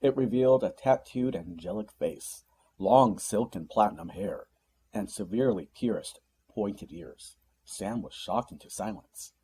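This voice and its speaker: Brief: male audiobook narrator, low mellow husky voice, lively delivery. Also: measured pace. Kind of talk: scripted narration.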